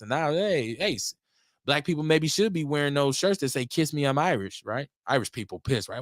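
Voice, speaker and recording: A middle-aged man talks at length on his own podcast, drifting loosely from one subject to the next. His voice sits at an average pitch but jumps up often as he gets going. The sound is dry and close, with no room around it. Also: a little fast, dry recording. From Milwaukee, USA. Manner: rambling, talkative, lively swings in pitch. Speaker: podcast host. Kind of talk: casual solo talk show.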